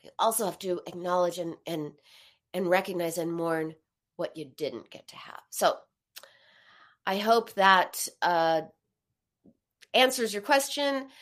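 A woman's voice: a little slow, long pauses. A woman answering viewer questions in a live talk, explaining thoughtfully and restarting phrases as she searches for words. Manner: animated, acts out inner voices with big pitch jumps.

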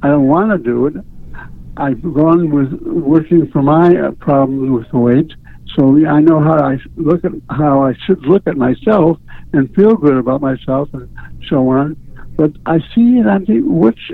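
A man calling in to a radio show over a tinny phone line. His voice is gravelly and pitched a little high. He speaks candidly but haltingly, stumbling over his words. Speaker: caller. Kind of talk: call-in radio conversation.

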